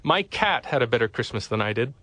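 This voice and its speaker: A man's voice: mid-range voice, lively intonation, fairly quick, pushed and bright. Laughing, rambling studio guest man. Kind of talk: casual radio banter. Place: radio studio. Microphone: studio microphone.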